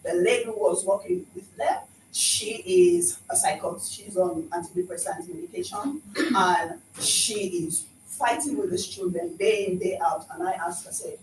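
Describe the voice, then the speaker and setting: A woman's voice: on the low side, sing-song, normal speed, hardly any pauses. Passionate woman, echoey and far off. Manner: emphatic, passionate. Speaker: speaker at a community event. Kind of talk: personal storytelling in group discussion. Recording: echoey room, distant mic, noisy.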